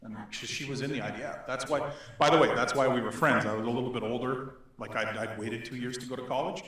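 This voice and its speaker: A middle-aged man from Northern Alberta telling a story to an audience, animated and laughing as he acts out the voices in it. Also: mid-range voice, fast. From Northern Alberta, Canada. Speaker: speaker. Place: synagogue hall. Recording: echoey hall.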